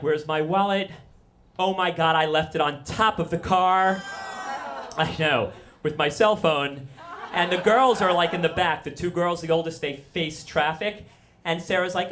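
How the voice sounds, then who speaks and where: A man's voice: on the high side, fairly bright tone, slight background noise. A man in his forties telling a personal story live, rambling and self-deprecating, full of asides.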